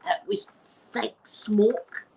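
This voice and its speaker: A woman's voice: fairly high pitch, sing-song, very slow, vocal fry, darkish tone, a little hiss or hum, low-quality recording. Chatty Glaswegian woman telling stories. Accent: Glaswegian Scottish. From Scotland. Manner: chatty anecdotal storyteller using Scots words. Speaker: ASMR creator. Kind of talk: ASMR storytelling chat.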